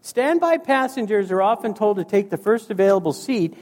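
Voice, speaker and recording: A man doing storytelling stand-up comedy, animated and acting out the people in his stories. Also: high voice, fairly quick. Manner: animated, acts out voices and scenes. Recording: reverberant hall.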